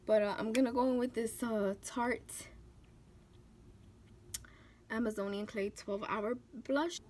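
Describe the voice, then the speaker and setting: A young woman speaks in a slightly high voice, tearful and close to crying, with halting restarts and many fillers. She talks while doing a makeup tutorial. A faint hiss sits under her voice. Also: steady tone, darkish tone. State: close to tears. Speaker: beauty vlogger. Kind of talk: emotional talk during a makeup tutorial.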